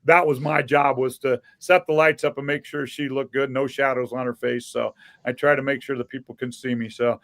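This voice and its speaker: A man's voice: mid-range voice, little pitch movement, fairly quick, a bit bright, no echo. A man chatting as a guest on a podcast from a home studio in a converted garage, rambling a little with plenty of fillers. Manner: rambling, hesitant, many fillers. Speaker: guest, former sports TV camera operator. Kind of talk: casual chat on a podcast.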